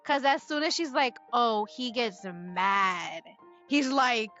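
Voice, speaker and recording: A woman with a fairly high voice vents about a novel's love interest on a podcast, blunt and swearing freely. The audio is slightly dull, with faint music underneath. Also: takes it slowly, a bit bright. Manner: outspoken, exasperated reactions with swearing. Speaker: book club podcast co-host. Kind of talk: casual book chat.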